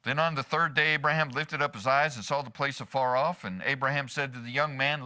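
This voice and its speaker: A man's voice: medium pitch, steady tone, a little fast, sharp tone, smooth. A man as pastor preaching a sermon in church, asking the congregation rhetorical questions and slipping in humor.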